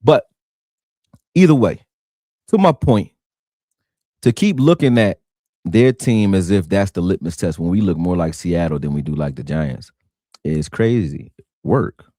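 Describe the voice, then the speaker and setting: A man hosting a casual sports talk stream from Philadelphia, slangy, animated and rambling. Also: sits low, unhurried, long pauses, no echo, studio quality. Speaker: sports talk show host.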